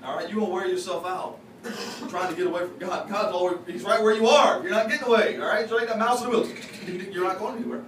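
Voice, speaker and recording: A high-pitched male pastor delivers a loose, folksy sermon, confessing and joking with his church. He sounds distant from the mic in a reverberant sanctuary, with a steady hiss of noise. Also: fast. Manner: folksy, confessional, jokes with the congregation. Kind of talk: conversational sermon. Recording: echoey, distant, noisy church recording.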